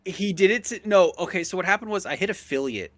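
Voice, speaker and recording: A man's voice: high voice, lively intonation, quick pace, a bit bright. A man streamer chatting casually, swearing freely and laughing often. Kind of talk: casual chat.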